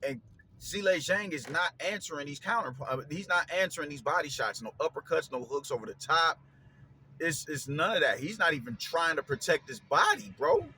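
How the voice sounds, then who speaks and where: A man gives a casual, profane fight breakdown and keeps repeating phrases as he winds himself up. His voice is bright and forceful. A faint noise hum sits under the recording. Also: on the high side, sing-song, moderate pace. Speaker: boxing commentator, show host.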